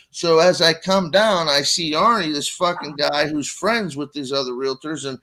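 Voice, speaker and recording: A man's voice: a little high, normal speed, few pauses, bright, forceful tone. A man rambling through a crude, swear-filled party story in casual chat. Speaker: guest storyteller.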